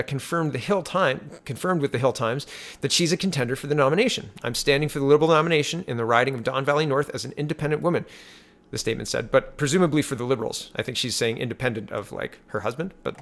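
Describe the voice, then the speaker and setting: A man hosting a casual political commentary show, reading tweets and news aloud in an animated, indignant way. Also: mid-range voice.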